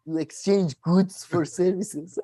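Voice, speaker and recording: Low-voiced woman podcast host, laughing. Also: steady tone, dark tone, breathy edge, no room sound. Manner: laughs often, quick rambling asides. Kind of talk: casual chat.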